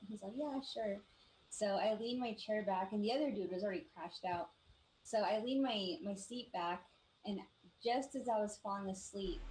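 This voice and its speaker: A woman from the Navajo Nation, co-hosting a live show and telling ghost stories in a casual, animated way, acting out the voices of the people in them. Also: medium pitch, a little hiss or hum, low-quality recording. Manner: animated storyteller, acts out quoted voices, many "like" fillers. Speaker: podcast co-host. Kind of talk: casual storytelling chat.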